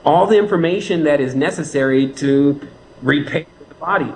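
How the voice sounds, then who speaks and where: Earnest rambling man, slightly high voice. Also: normal speed, darkish tone, slight background noise, rough recording. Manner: rambling, earnest, laughs often. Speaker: spiritual teacher guest. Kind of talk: interview answers.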